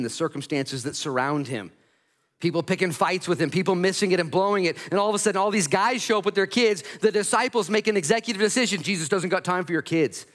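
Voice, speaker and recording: A male pastor preaching a sermon in a church sanctuary, telling the story with animated, conversational energy. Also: medium pitch. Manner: animated storytelling, voices Bible characters in quotes.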